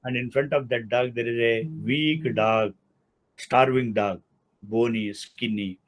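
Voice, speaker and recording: A man's voice: mid-range voice, fairly even intonation, unhurried. A man in his sixties with an Indian English accent, a law professor giving an explanatory lecture and often using "see" and "okay". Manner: explanatory, repeats key words, uses "see" and "okay". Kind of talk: academic lecture.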